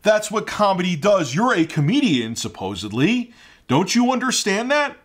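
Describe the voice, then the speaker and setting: A man's voice: high-pitched, big pitch swings, normal speed. A man giving ranting opinion commentary, indignant and heated, firing off rhetorical questions. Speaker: online commentator.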